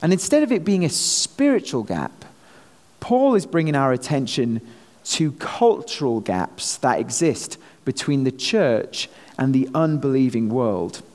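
A man's voice: mid-range voice, big pitch swings, a little slow, a little mellow, in a large hall. A man with a Manchester English accent, a visiting missionary pastor preaching a sermon with jokey asides. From England.

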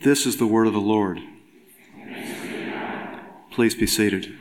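A man reading a scripture passage aloud in a church service, measured and formal. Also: fairly low pitch, poor audio. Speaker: scripture reader.

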